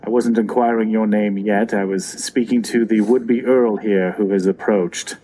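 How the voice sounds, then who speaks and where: A man's voice: lowish voice, steady tone, a little slow, mellow, pitched below the performer's own voice, low-quality recording. A man voicing a sneering masked villain boss. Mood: haughty. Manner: haughty, mocking.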